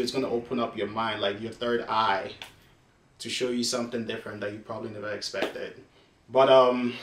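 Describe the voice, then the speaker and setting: A medium-pitched, fairly bright male voice belongs to an African host who reacts to a clip on camera. He talks emphatically and casually, turning often to address viewers. The recording has a roomy echo.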